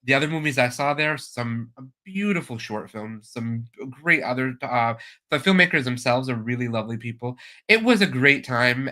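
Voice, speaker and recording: A man's voice: mid-range voice, bright, forceful tone. A man hosting a live stream chat show, talking in an enthusiastic, chatty way with plenty of fillers. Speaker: host.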